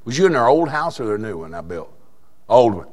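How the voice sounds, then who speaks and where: An older man preaching a sermon, telling a story in a quiet voice that breaks into fervent shouting. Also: medium pitch, big pitch swings, a little fast.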